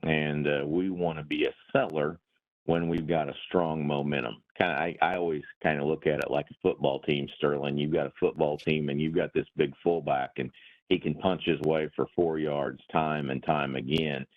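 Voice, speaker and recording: A man with a very low, deep voice explains trading indicators in a folksy, plain-spoken way, often repeating a word as he finds his footing. His voice comes through a thin, phone-like line. He uses homespun comparisons to make each point. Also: steady tone, moderate pace. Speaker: meeting host. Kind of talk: webinar discussion.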